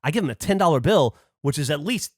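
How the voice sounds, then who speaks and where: A man's voice: fairly high pitch, quick pace, no echo, studio quality. A man hosting a podcast, telling a story casually and animatedly, swearing often and acting out what people said. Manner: animated, swears a lot, acts out quotes. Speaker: podcast host.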